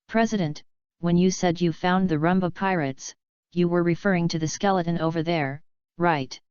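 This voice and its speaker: A woman's voice: fairly low pitch, steady tone, moderate pace, darkish tone, smooth, dry recording, close to an everyday voice. A woman narrator reading the lines of a caring young guild member, with plain, concerned questions. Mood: questioning. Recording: dull lo-fi recording.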